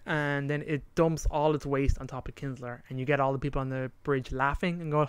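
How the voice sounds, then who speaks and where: A man's voice: mid-range voice, brisk, clear, resonant tone, no echo. Man eagerly retelling a story. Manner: animated retelling, acting out quotes, trailing off to recall details. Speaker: podcast co-host. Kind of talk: casual chat recapping a story.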